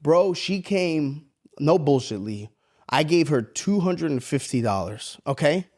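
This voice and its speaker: A man's voice: fairly high pitch, expressive, a little slow, a little mellow. A man in his thirties co-hosting a podcast, telling stories in casual, profane chat. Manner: profane, storytelling. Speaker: podcast co-host.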